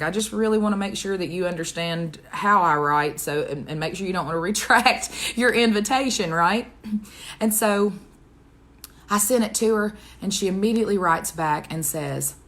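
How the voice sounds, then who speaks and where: A woman's voice: on the low side, moderate pace, fairly bright tone. A woman speaking as a devotional speaker, telling a personal testimony in an earnest, conversational way and closing with a prayer. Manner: earnest, conversational storytelling with wide swings in pace.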